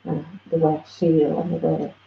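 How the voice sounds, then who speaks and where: At a satsang, a woman shares her experience with the teacher, hesitant and searching for words. Her low, gravelly voice stays level at a moderate pace. The audio is roomy and dull, with faint noise.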